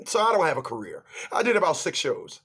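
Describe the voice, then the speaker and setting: High-voiced man ranting to his viewers. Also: huge pitch swings, fast, fairly bright tone, breathy edge. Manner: emphatic, stammers and repeats, talks straight to the audience. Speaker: vlogger giving relationship advice. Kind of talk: animated ranting monologue to viewers.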